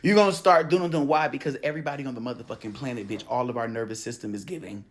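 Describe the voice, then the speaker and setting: Profane, animated spiritual coach. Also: mid-range voice, quick pace, slight background noise. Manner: profane, animated and laughing, slangy street talk; tells stories acting out quoted voices. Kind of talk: casual spiritual coaching talk.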